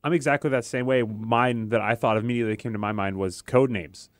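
A man's voice: medium pitch, steady tone, fast, no echo. Podcast host, man, jokey and playful, dry studio sound. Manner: jokey, laughs often. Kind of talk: casual chat.

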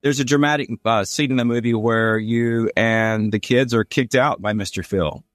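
A man's voice: medium pitch, moderate pace, no room sound, studio quality. A man hosting a podcast who is friendly and upbeat and praises his guest. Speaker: podcast host. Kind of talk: podcast intro and interview.

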